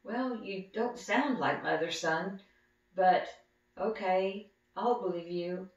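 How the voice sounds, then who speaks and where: An aging father cries out in alarm, high and loud, as a woman puts him on. The voice has a gravelly edge. It sounds distant and dull, echoing around a hard room. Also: slow. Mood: reluctant. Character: aging father, shocked and dismayed.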